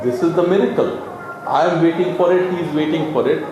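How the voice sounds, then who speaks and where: A man giving a casual, playful spiritual talk, laughing and clearing his throat often. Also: on the high side, fast, dull audio. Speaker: spiritual teacher. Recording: very echoey room with music behind. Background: music.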